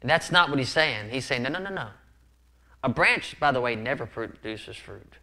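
A man's voice: medium pitch, lively intonation, moderate pace, pushed and bright. Earnest male pastor preaching. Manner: earnest, repeats words when emphatic. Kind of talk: sermon. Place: church sanctuary.

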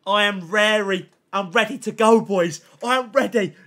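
A man's voice: high voice, normal speed, bright, forceful tone. A young man hosting a live gaming stream, chatting in a hyped, slangy way and reading out chat messages. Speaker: livestream host.

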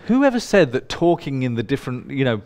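A man's voice: mid-range voice, big pitch swings, a little fast, darkish tone. A man leading a live workshop in a room full of people, speaking in a playful, irreverent way and swearing now and then. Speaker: workshop leader. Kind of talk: live workshop talk to an audience.

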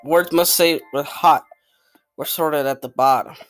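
A man's voice: fairly high pitch, steady tone, a little slow, fairly bright tone, faint music behind. A man with the hiccups casually commenting as he tries out web experiments, reading on-screen text aloud and apologizing now and then. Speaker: YouTuber trying web experiments.

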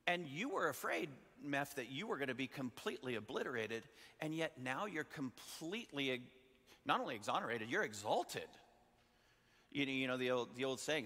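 A male pastor preaches to his congregation in a relaxed, conversational storytelling manner, often putting questions to his listeners. His voice is bright and forceful at a middle pitch. The recording carries a long reverb from a large church sanctuary. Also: moderate pace. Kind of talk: sermon.

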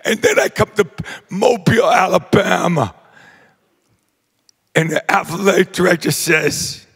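An older man, giving a rowdy acceptance speech full of brash shouted jokes. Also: sits high, measured pace, vocal fry, pauses often, husky, big-room sound. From New Jersey. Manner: boisterous, shouting, brash joking. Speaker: hall of fame inductee.

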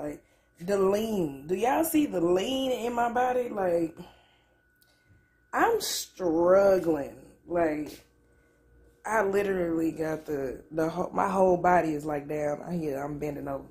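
Unhurried and lively in her intonation, a woman with a fairly low, slightly mellow voice talks to the camera from her couch at home. Her casual vlog is candid and profane, delivered in a loose drawl with her own way of talking, though she is in pain and nearly crying.

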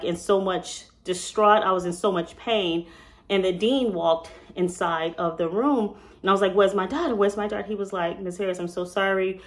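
A woman telling a personal story as a mother, in a casual, emotional, rambling way with many fillers and restarts. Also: medium pitch.

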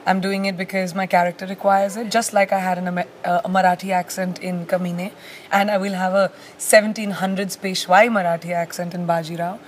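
A woman from India, a guest actor in her thirties, chatting in a casual radio interview, animated and quick to laugh. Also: fairly low pitch. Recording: radio studio with faint noise.

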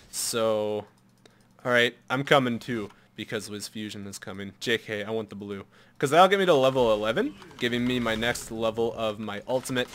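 Young guy doing live game commentary at his pc, bright voice, swears and yells when stuff happens. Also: mid-range voice. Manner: excitable, bursts into loud shouts at big plays; swears and jokes casually, mutters to himself while shopping. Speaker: gameplay commentator.

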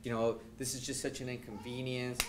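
A man preaching a sermon as pastor, reading scripture and growing more emphatic, with halting self-corrections between verses. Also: medium pitch, flat delivery, a little hiss or hum. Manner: reads scripture in King James wording, rising louder and more emphatic as he preaches.

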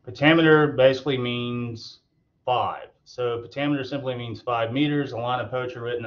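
Male tutor, mid-pitched, loose and halting delivery with fillers, dull lo-fi recording. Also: fairly even intonation. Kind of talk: recorded online lecture.

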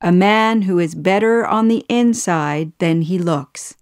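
A woman's voice: on the low side, measured pace, no echo, studio quality. A woman voicing an ancient talking cave in a storybook reading, solemn and declaring.

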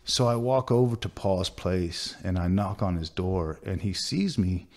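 A man, a tattoo artist, earnestly recounting a personal story in a sit-down interview, halting and restarting with many fillers. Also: deep voice, expressive, darkish tone.

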